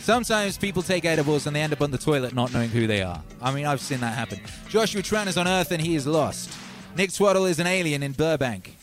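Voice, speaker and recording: A man hosting a music livestream, reading out viewers' comments with playful deadpan asides. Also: on the high side, quick pace. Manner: playful, deadpan asides, frequent ums and uhs.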